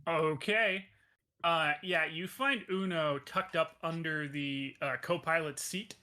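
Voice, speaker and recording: Bright-voiced man running a tabletop game. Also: fairly high pitch, takes it slowly. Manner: casual, full of fillers and restarts. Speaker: game master.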